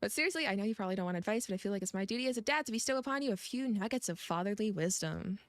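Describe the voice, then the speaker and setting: A woman's voice: medium pitch, animated, very fast, dry recording, studio quality, lightly acted. A woman reading the lines of a kindly, goofy middle-aged game dad who earnestly gives his daughter advice. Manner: earnest, gently advising. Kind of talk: reading game dialogue aloud.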